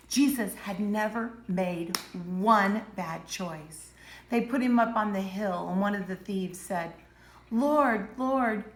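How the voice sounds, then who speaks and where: A woman teaching preschoolers, telling a Bible story with dramatic voices and hushed moments. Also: medium pitch, echoey room. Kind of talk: Bible story lesson for young children.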